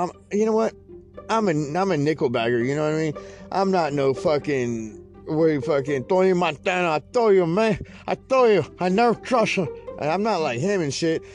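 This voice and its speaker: A man's voice: fairly high pitch, darkish tone. A man from California's Central Valley telling a long, rambling, profane story and laughing through it. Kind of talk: casual profane storytelling monologue.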